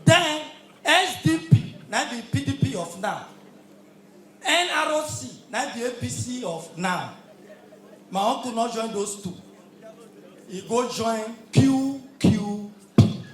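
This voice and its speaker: A man with a Nigerian accent doing a stand-up comedy routine on stage, shouting his punchlines in Pidgin. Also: extremely high pitch, expressive, a little slow, long pauses, soft background music. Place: live comedy show stage with audience. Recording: echoey live venue with crowd.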